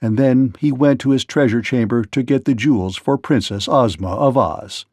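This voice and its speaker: A man reading a children's storybook aloud in a steady, expressive way. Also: mid-range voice, moderate pace, no room sound.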